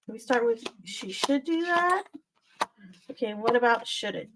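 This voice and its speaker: A woman's voice: a little high, expressive, measured pace, heavy background noise. A woman doing live-stream tarot readings, chatty and soothing, calling viewers "my dear" and "lovey". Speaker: tarot reader.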